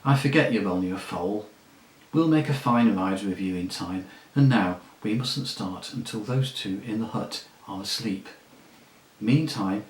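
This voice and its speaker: A man reading aloud, voicing a proud male talking war horse with a brisk, commanding, scornful manner. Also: fairly low pitch, roomy sound, a little hiss or hum, natural voice, low-quality recording. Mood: gentle. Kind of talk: audiobook reading.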